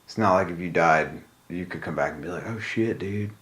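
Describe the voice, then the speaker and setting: A man co-hosting a podcast in casual chat, laid-back, agreeable and quick with jokes. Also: low-pitched, fairly even intonation, fairly bright tone. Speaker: podcast co-host.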